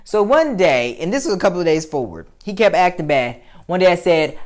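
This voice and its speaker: A man telling a casual story to his viewers, animated and profane, swinging between loud outbursts and muttered asides. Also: high voice, brisk, hardly any pauses. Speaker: vlogger.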